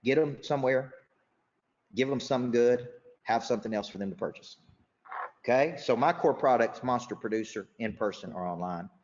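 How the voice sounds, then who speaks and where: Male business coach, fast sales pitch in a big room, echoey and muffled. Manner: energetic sales pitch, rising when excited. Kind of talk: live seminar talk. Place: large event room. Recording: dull reverberant hall recording.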